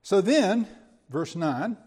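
Male preacher, high and lively voice, conversational Bible teaching, asks the room questions. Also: takes it slowly, slightly rough, big-room sound. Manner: conversational, quips and rhetorical questions.

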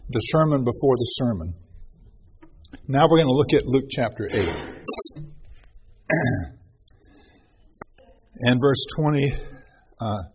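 A man preaching a sermon, reading scripture aloud in an earnest manner and clearing his throat often. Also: medium pitch, noisy background.

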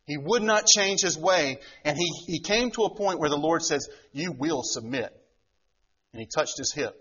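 A middle-aged man preaches a sermon in a husky, rather high voice. He keeps turning to the listeners with rhetorical questions and acts out the voices he quotes. The recording sounds dull and lo-fi. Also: animated, moderate pace, pushed and bright. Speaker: pastor.

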